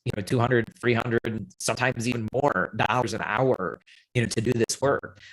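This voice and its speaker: Man, panel guest, mid-pitched voice, measured explanations. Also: steady tone, rough recording. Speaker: guest, app co-founder. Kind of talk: panel discussion.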